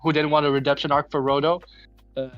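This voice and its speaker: A man's voice: fairly high pitch, flat delivery, quick pace, soft background music. Stammering man on a muffled call. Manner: stammering, repeats words. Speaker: guest on stream. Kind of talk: casual chat.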